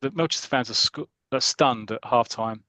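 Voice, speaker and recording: A man's voice: medium pitch, normal speed, pushed and bright, dry recording. A British man co-hosting a podcast, casually retelling a football comic story, acting out the characters and calling the action like live commentary. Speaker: podcast co-host.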